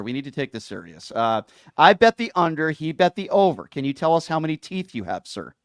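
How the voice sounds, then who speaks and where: A male talk radio host who teases callers in a mock-serious tone. His pitch swings widely and his delivery is lively. The sound is close and dry with no room echo. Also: a little fast, smooth. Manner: joking, mock-serious teasing.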